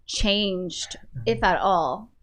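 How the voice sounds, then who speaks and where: A woman co-hosting a radio talk show, asking questions in a relaxed way. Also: mid-range voice, very slow. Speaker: radio co-host. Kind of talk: casual chat.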